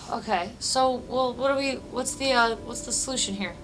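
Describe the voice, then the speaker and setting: A woman's voice: a little high, moderate pace, over music, rough recording. A woman streaming a video game from her apartment, chatting casually, laughing often and swearing freely as she thinks aloud. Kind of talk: casual live-stream chat while playing. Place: apartment room.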